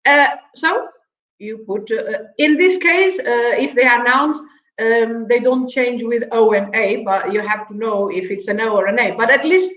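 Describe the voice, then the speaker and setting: A woman's voice: on the high side, a little slow, a bit bright. A woman with a Portuguese accent, a native speaker patiently explaining vocabulary on a talk show, with frequent chuckles and a habit of asking "right?". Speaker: language teacher guest. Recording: roomy, slightly dull audio.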